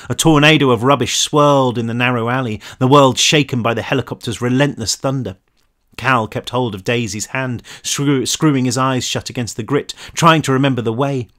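A man reading his own novel aloud as tense, expressive audiobook narration. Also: mid-range voice, a little fast.

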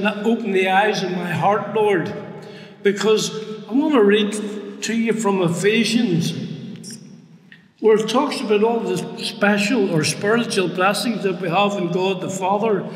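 An older man, a pastor, preaching a sermon and telling a story with lively quoted dialogue and humor. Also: high-pitched, distant mic. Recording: echoey hall.

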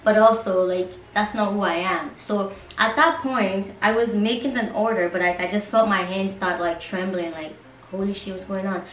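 A young woman from Nigeria telling a story to her viewers in a casual monologue, lively and direct, with a lot of "like". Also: medium pitch, normal speed, recorded from a distance, a little hiss or hum. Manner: animated, talks straight to viewers, lots of "like". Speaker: vlogger. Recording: roomy sound, mic set back from her.

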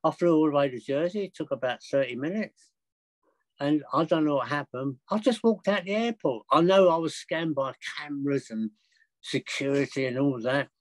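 Chatty older man, higher voice. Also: moderate pace, no echo, poor audio. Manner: chatty, excitable, laughs often. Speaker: podcast guest. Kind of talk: anecdotal storytelling.

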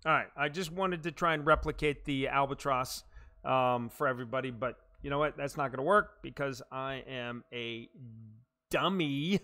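A man's voice: mid-range voice, normal speed, sharp tone. A man streaming a game live, reacting aloud to his own shots, swearing when frustrated, poking fun at himself and chatting with viewers. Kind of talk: live gameplay commentary.

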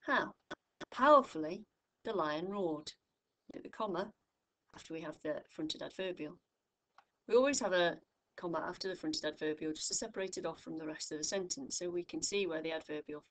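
Speaking at a normal pace, an English tutor from the UK explains a grammar point in a somewhat low voice. She stays patient and clear, putting weight on each sample phrase so her learners catch it.

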